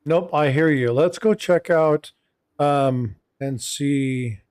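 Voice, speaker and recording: A man's voice: on the high side, slow pace, darkish tone, clean tone. Rambling middle-aged man hosting a stream. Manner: rambling, filler-heavy, reads viewer chat aloud. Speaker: livestream host. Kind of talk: casual panel chat.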